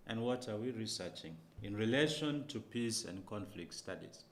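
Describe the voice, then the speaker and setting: A man, a professor, giving an academic lecture, posing rhetorical questions and pausing often with hesitations. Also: fairly low pitch, lively intonation.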